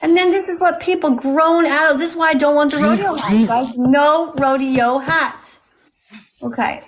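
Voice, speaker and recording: A woman's voice: sits high, fairly quick, a little hiss or hum. A woman hosting a live stream, talking straight to her viewers and scolding them now and then. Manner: scolding, talks to viewers directly. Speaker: livestream host.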